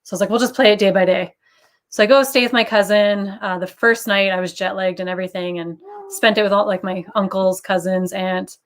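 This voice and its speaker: A woman in her thirties sharing a personal story during an interview. She talks in an earnest, steady way at a middling pitch. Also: a little fast. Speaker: guest. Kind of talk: casual interview talk.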